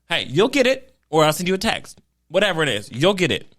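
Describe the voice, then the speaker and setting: A man's voice: sits high, a little fast, no echo, studio quality. A man co-hosting a casual podcast chat, blunt and theatrical, acting out his reactions and swearing freely. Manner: animated, theatrical storytelling with acted-out reactions. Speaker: podcast co-host.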